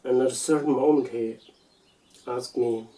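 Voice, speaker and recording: Male, German accent, unscripted musing, halting delivery, dark tone, slightly distant from the mic. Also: medium pitch, steady tone. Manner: hesitant, halting with repeated words. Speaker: video essayist. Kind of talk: unscripted personal reflection.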